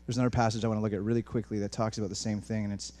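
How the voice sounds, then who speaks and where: This pastor's voice sits fairly low, and he preaches rapid-fire and with animation. He keeps restarting words as he talks straight to his congregation.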